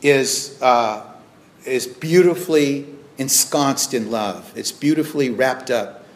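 Earnest, halting male pastor preaching. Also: medium pitch. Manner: earnest, halting with frequent restarts and fillers. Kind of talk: sermon.

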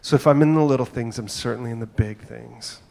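A middle-aged man delivers a sermon as a pastor, speaking at an ordinary mid pitch. He talks conversationally, weaving in personal stories and frequent asides to the congregation. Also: brisk, vocal fry, darkish tone. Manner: conversational, storytelling with asides and filler "right?".

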